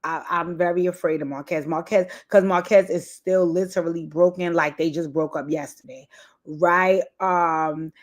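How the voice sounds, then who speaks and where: A woman's voice: fairly low pitch, steady tone, normal speed. A woman giving casual, candid commentary on a reality show, emphatic and profane, often tagging "right?" onto her points. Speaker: reality TV recap host.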